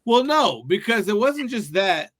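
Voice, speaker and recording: High-voiced man hosting a loose chat. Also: measured pace, no room sound, studio quality. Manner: animated storyteller, swears freely. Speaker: podcast host. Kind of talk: casual chat.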